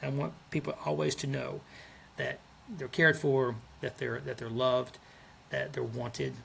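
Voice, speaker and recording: A deeply gravelly man in his fifties talks in a gentle, earnest, reflective way as a podcast guest. He often restarts his sentences, and his pitch sits in an ordinary middle range. A faint hiss runs underneath. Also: level tone, a little slow. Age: 50s. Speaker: school principal, guest.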